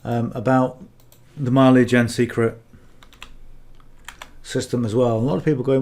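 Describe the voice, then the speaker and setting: A man's voice: mid-range voice, flat delivery, moderate pace, pauses often, darkish tone. A man coaching on marketing in casual, unscripted talk, blunt and earnest, who keeps checking in with "okay?".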